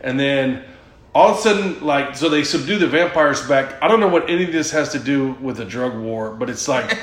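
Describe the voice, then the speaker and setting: A man's voice: medium pitch, brisk. Rambling, cursing man in an echoey room. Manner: profane, rambling storyteller who laughs often. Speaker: podcast host. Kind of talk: casual chat.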